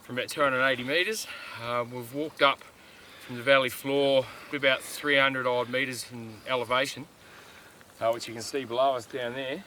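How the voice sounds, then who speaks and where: Chatty hunter outdoors on a mountain. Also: male voice, mid-range voice, normal speed, slight background noise, rough recording. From Australia. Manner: relaxed, chatty, lots of filler words. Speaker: hunter filming a hunt. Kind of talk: casual on-camera hunting vlog.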